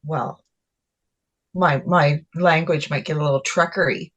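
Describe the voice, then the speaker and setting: Indignant low-voiced woman co-host. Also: steady tone, unhurried, a bit bright, highs cut off. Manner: indignant, groping for words. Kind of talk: casual chat.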